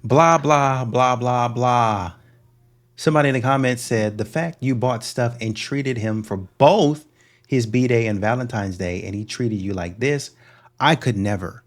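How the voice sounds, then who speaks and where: A man's voice: mid-range voice, normal speed. A man hosting a reaction video, giving sarcastic and scolding commentary on a played clip.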